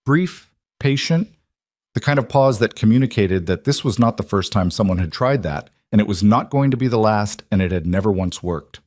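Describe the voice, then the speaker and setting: Low-voiced man narrating a dramatic story. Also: no room sound, studio quality. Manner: measured, even storytelling.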